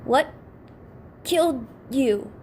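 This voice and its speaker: A woman puts on a confused old man pushing his voice out in croaks and gasps. The voice is high and pressed, with strained outbursts. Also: lively intonation, drawn-out words, darkish tone, slight background noise, exaggerated voice. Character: bewildered old man struggling to speak.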